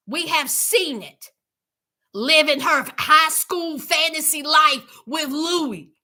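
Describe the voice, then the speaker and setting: Woman, very bright ringing tone, unhurried delivery, sassy dramatic recap commentary. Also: high voice. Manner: sassy and dramatic, talks back at the people she discusses. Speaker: YouTube recap host. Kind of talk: casual reality TV recap commentary.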